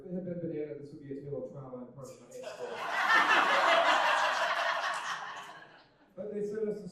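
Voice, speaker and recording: A young man doing a stand-up comedy set, self-deprecating and deadpan, with loose fillers and swearing. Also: fairly high pitch. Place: comedy club stage with audience laughter. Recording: very echoey room, from some distance. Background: audience laughter.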